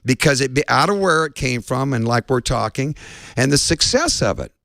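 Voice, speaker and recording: Male guest storyteller, gravelly tone, dry close sound, animated anecdotes. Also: mid-range voice, moderate pace, no echo. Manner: lively storyteller, acts out quotes. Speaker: interview guest.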